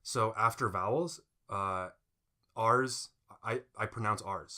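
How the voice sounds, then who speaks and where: A man's voice: fairly low pitch, slow pace, pushed and bright. A man co-hosting a podcast in casual chat who explains things patiently and laughs often. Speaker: podcast co-host.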